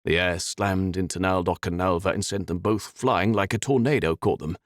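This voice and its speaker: A man reading a fantasy audiobook in an expressive, dramatic way. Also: deep voice, normal speed, no room sound, clean studio sound. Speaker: audiobook narrator. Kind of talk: scripted fantasy narration.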